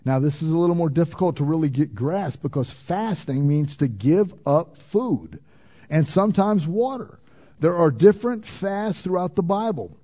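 A man preaches a sermon in a somewhat raised voice that climbs loud and emphatic, then drops low and quiet. The recording sounds dull and lo-fi. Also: expressive, normal speed. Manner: swings between loud emphatic preaching and quiet intimate passages. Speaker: pastor.

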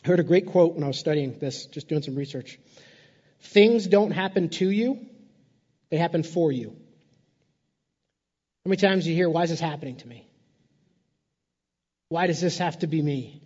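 A man's voice: a little high, normal speed, long pauses, darkish tone, big-room sound, muffled recording. A man preaching a sermon in a conversational way, repeating words and adding playful asides. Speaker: pastor.

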